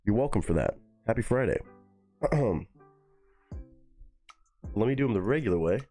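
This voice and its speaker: A young man streaming from home, chatting loose and profane, and his pitch jumps all over. Faint music sits under his voice. He thinks out loud, rambling between topics. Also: expressive, normal speed. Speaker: live streamer and actor. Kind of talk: casual live-stream chat.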